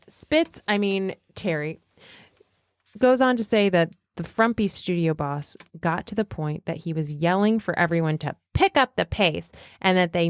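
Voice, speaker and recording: A woman hosting a podcast, retelling a story in an animated, jokey way. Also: medium pitch, clear, resonant tone, no echo, clean studio sound. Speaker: podcast host. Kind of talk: casual storytelling chat.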